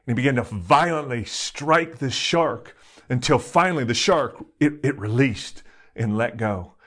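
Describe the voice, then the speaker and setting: A man preaching a sermon in a conversational, emphatic way, telling stories with sudden jumps in pitch. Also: a little slow. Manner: animated, emphatic storytelling with sudden rises in pitch; conversational, with fillers and restarts. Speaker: pastor.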